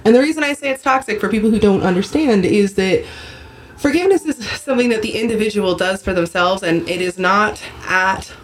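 A woman's voice: medium pitch, fairly quick, slight background noise. A woman from Canada hosting a casual podcast, rambling with lots of fillers and restarts, swearing now and then. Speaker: podcast host.

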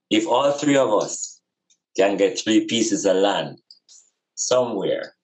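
A man's voice: on the low side, rough recording. A man talking as a guest over a video call, reasoning earnestly with impassioned, repetitive, preacherly emphasis. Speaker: podcast guest.

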